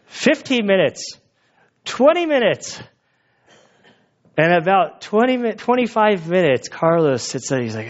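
A man's voice: high voice, huge pitch swings, measured pace, long pauses, muffled recording. A male pastor preaching a sermon in a conversational, storytelling way, full of fillers and restarts.

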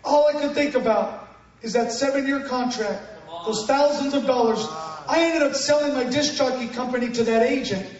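A man giving a sermon testimony to a congregation, telling his story with animated bursts of shouting and banter with the crowd. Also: extremely high pitch. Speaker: guest preacher giving testimony. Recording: echoey hall from far off, dull sound.

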